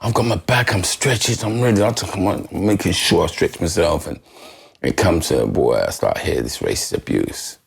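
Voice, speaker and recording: Gravelly husky man telling a story. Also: sits low, lively intonation, normal speed. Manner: dramatic retelling, acting out voices and thoughts. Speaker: podcast guest, former footballer. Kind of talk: animated storytelling in casual conversation.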